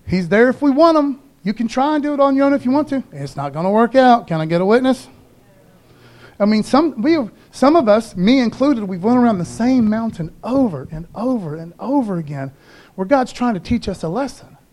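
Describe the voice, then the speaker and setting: A man's voice: very high voice, expressive, brisk, darkish tone. A man preaching a casual, slangy sermon and acting out voices of the people in his story. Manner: laid-back slangy preaching, acts out voices.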